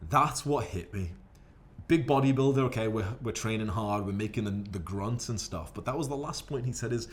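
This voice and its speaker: A man casually telling gym stories to camera in a profane, rambling, animated way. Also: medium pitch, a little fast, a little hiss or hum. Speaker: fitness vlogger.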